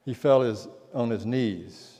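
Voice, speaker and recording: A pastor delivering a sermon, telling stories and dropping to a hush at the key lines. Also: male voice, medium pitch, slow. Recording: long church reverb.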